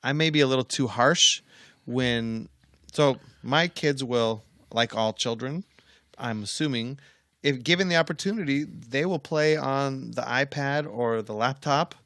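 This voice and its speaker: A man's voice: mid-range voice, a little slow, a bit bright, no room sound. A middle-aged man co-hosting a casual podcast. He tells a story in a firm, easy way and swears freely. His voice sits in a middle register, close and dry on the mic. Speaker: podcast co-host.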